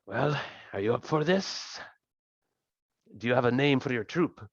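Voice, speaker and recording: A man's voice: medium pitch, animated, unhurried, no room sound, muffled recording, pitched above the performer's own voice. A man voicing a haughty, commanding female warrior leader in a tabletop game, speaking curtly. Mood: testing. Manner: curt and commanding.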